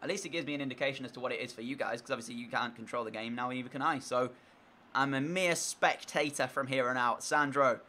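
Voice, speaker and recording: Young man, gaming commentary, crisp bright tone, excitable with sudden outbursts. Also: medium pitch, fast talker, a little hiss or hum. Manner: excitable, swings between flat play-by-play and loud frustrated outbursts. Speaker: gaming YouTuber. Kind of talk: live gameplay commentary.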